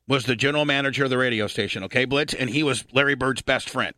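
A middle-aged man from Indiana hosting a radio talk show, telling a long story, swearing freely and clearing his throat often. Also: medium pitch, moderate pace, pushed and bright, dry recording, studio quality.

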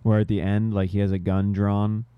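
A man appearing as a guest on a studio comedy podcast, laid-back and quick to laugh as he trades bits. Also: fairly low pitch, flat delivery, smooth, dry recording, narrow, tinny audio. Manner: laid-back, laughs easily, does impressions. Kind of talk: casual comedic chat.

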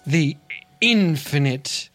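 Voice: mid-range voice, animated, drawn-out words, fairly bright tone, no room sound, soft background music. A performer playing a grandiose, scheming viceroy who speaks pompously in an improvised musical role-play.

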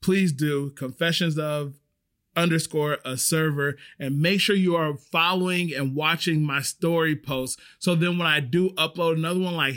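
A man hosting a podcast, telling a story in a chatty, animated way, full of fillers and the odd swear. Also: fairly high pitch, moderate pace. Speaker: podcast host. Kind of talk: casual storytelling.

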